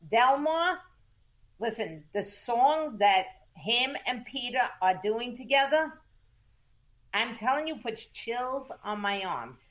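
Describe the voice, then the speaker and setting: A woman guest in a casual interview, telling music business stories in an animated, emphatic way, repeating words for stress and cursing casually. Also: a little high, slow. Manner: acts out quoted voices in lively storytelling. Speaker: music manager and entertainment attorney, guest.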